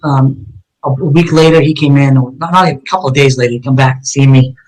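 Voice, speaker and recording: A man's voice: mid-range voice, steady tone, fast, a little mellow, low-quality recording. A man, a retired police detective, earnestly recounting an emotional personal story in an interview, with frequent ums and uhs.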